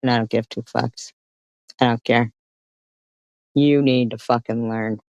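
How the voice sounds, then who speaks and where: A woman's voice: very deep voice, fairly even intonation, a little slow, darkish tone, dry recording, dull audio. Profane, furious woman livestreamer. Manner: profane, confrontational, swears constantly. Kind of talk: angry livestream rant.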